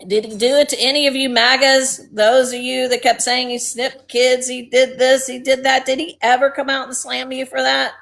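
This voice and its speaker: A woman's voice: sits high, flat delivery, normal speed, gravelly, few pauses, fairly bright tone. A woman from Texas co-hosting a casual political talk show, talking in a blunt, mocking way with frequent restarts. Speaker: co-host.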